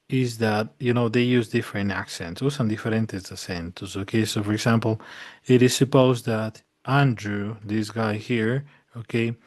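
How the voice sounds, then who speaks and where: Man, English teacher, mixes translations, asks students questions, mid pitch, dry close sound. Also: a little mellow, no echo. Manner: mixes English with Spanish translations, checks understanding often. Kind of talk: bilingual classroom lesson.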